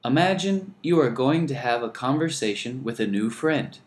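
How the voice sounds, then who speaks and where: A man teaching an English lesson, speaking slowly and deliberately and modelling phrases for learners to repeat. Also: mid-range voice, expressive, reverberant. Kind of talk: scripted lesson narration.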